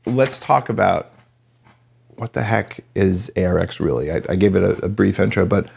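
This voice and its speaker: Man, podcast host, low voice, gravelly, chatty and joking. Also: normal speed, darkish tone. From New Mexico. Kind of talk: podcast interview.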